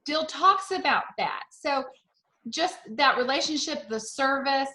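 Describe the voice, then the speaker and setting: A woman's voice: sits high, lively intonation, a little slow. Middle-aged woman telling stories on a video call. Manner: warm, storytelling, enthusiastic. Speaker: sales director. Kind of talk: motivational sales talk on a video call. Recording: echoey room on a video call.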